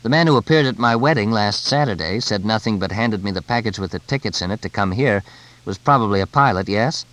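A man's voice: lowish voice, brisk, a bit bright, lightly acted, poor audio. A man voicing a wry young American man who answers in short, dry replies, in an audiobook. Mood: curious.

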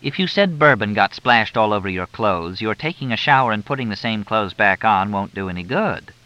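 A man's voice: lowish voice, lively intonation, bright, forceful tone, no room sound. A man doing a bossy older grandmother. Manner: brisk, bossy, matter-of-fact. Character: blunt older wealthy woman, mother and grandmother. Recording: dull lo-fi dry recording.

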